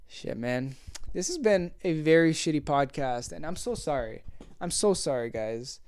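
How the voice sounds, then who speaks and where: A man's voice: fairly high pitch, moderate pace, slight background noise. A man hosting a casual solo podcast, rambling and self-deprecating with many fillers. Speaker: podcast host.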